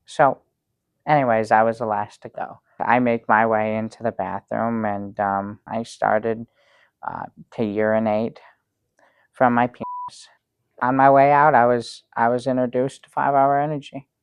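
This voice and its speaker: A man playing a naive sidekick, rambling, earnest, gravelly, average pitch. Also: flat delivery, no echo, natural voice. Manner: rambling, halting with many ums, sincere. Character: naive dim-witted male sidekick Bert. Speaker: show regular. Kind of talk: improv sketch comedy.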